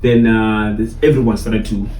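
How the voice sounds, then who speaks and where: A man's voice: fairly low pitch, normal speed, background noise. Xhosa-accented South African man telling stories. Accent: South African Xhosa English. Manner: animated, repeats phrases, many fillers. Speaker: barista trainer, guest. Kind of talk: casual storytelling chat. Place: in a car. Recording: roomy sound, mic at a distance, faint ambience.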